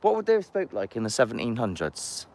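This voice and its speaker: A man chatting casually while live-streaming outdoors among castle grounds and woods, his voice at a middling pitch. He rambles loosely, greets viewers by name, and talks into a handheld phone. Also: huge pitch swings, fairly quick, darkish tone. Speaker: paranormal investigator streaming live.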